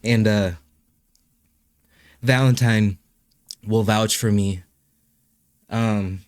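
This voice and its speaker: A young man, a musician and host, talking through a personal interview in a halting way, with many fillers and restarts. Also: lowish voice, steady tone, darkish tone, smooth, no room sound, studio quality.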